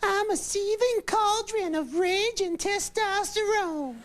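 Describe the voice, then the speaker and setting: A man doing a high breathy falsetto impression of a famous male pop star in a late-night comedy sketch, petulant and prissy. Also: takes it slowly. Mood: petulant rage.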